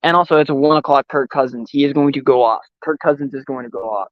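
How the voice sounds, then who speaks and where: A man's voice: medium pitch, fast, dry recording. Blunt, profane young man ranting. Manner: blunt, profane, opinionated sports talk. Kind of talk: casual chat. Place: outdoors. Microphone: voice call or stream mic. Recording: dull, slightly lo-fi dry sound.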